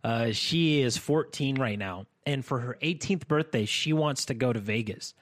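A young man co-hosting a podcast tells stories in casual, chatty conversation, laughing often and using lots of fillers. His voice is medium-pitched and a bit bright, at a normal speed.

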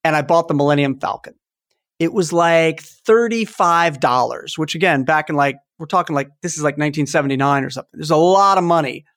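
A man in his fifties hosting a podcast, telling childhood stories in a casual, animated way. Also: fairly high pitch, brisk. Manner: animated storytelling, acts out toy sounds. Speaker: podcast host. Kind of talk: casual chat.

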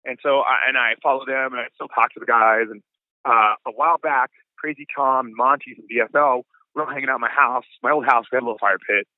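A man's voice: medium pitch, fast talker, no echo. Laid-back man in his forties, punk-singer guest; tinny, phone-like audio, dry. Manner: laid-back, says dude and like a lot. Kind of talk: casual storytelling chat.

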